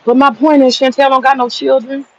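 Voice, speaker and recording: A man's voice: very high voice, flat delivery, a little fast, a bit bright, muffled recording. A man hosting an online commentary monologue, talking in a blunt, profane and mocking way.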